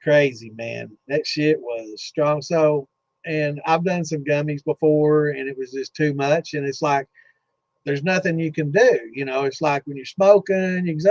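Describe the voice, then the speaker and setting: A man's voice: on the high side, measured pace, a little mellow, dry recording. A man hosting a distilling Q&A chat, telling a rambling story full of cursing and fillers, with a slightly dull lo-fi sound. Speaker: host of a distilling Q&A livestream.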